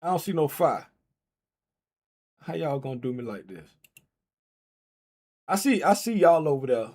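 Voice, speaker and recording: An unhurried man with a fairly high-pitched voice hosts an easygoing trading stream. He talks playfully and directly to his chat, then gets loud and excited calling a giveaway race.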